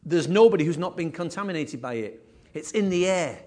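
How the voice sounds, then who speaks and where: A man preaching a sermon with emphatic, repetitive phrasing, his voice rising and falling in loudness. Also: on the high side, lively intonation, a little fast. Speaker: pastor.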